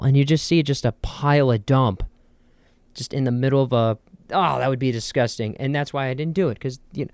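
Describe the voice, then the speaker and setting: Young jersey guy rambling on his podcast, jokey, smooth voice, dry close mic. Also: mid-range voice, fast, a little mellow, no room sound. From New Jersey. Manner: rambling, jokey and self-deprecating. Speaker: podcast host. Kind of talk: casual solo podcast chat.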